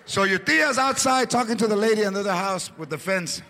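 A man doing a stand-up comedy set, animated storytelling mixed with Spanish words. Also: high-pitched, fairly quick.

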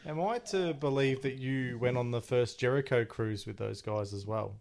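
A man's voice: mid-range voice, normal speed, gravelly, a little mellow. A man interviewing a guest, asking curious, amused questions.

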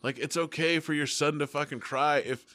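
A young man in casual chat, ranting with lots of swearing and an animated, emphatic manner. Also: fairly high pitch, normal speed, no echo. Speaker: works with middle schoolers.

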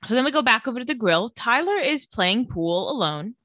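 A woman's voice: fairly high pitch, lively intonation, brisk, bright, forceful tone, no room sound, clean studio sound. A young adult woman co-hosting a podcast, chattily recapping a TV episode. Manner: chatty storytelling. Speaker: podcast co-host.

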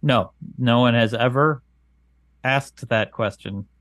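A man's voice: medium pitch, takes it slowly, fairly bright tone, dry recording. A man from northern Wisconsin with a light accent, co-hosting a podcast in casual chat and giving dry, matter-of-fact replies. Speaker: podcast co-host.

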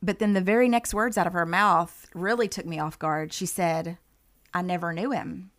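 Animated woman telling a story. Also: lowish voice, normal speed. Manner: animated storyteller, acts out quoted dialogue. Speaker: medium, podcast guest. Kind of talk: storytelling in a podcast interview.

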